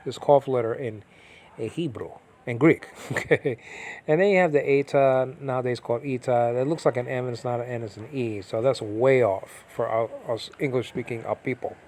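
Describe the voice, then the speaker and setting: A man's voice: medium pitch, brisk, darkish tone. Rambling man teaching Bible Greek. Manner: rambling, with many fillers and restarts; often checks in with listeners. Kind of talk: informal teaching talk.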